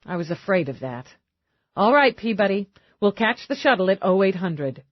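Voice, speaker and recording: A woman's voice: mid-range voice, sing-song, moderate pace, dry recording, dull audio. A woman narrator voicing a tough, blunt police lieutenant who speaks brusquely and commandingly. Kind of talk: audiobook narration.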